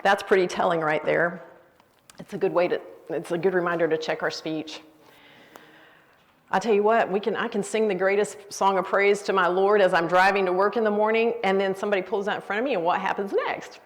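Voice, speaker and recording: An older woman teaching a women's Bible study, lively and acting out example phrases. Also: mid-range voice, brisk. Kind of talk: teaching talk. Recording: reverberant hall.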